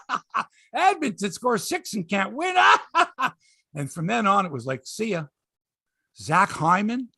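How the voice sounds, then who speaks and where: A middle-aged sports podcast host tells stories in an excitable, animated way. His high voice swings widely and carries a raspy, gravelly edge. The recording is dry and close, with no room sound.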